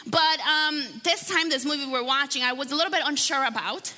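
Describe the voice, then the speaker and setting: A woman pastor with a high, bright voice moves from a prayer into a chatty, conversational sermon, often asking the congregation questions. She sounds like she is in a large hall with a long reverb, and soft music plays faintly behind her. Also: a little fast. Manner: warm conversational preaching with laughs and audience questions. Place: church hall.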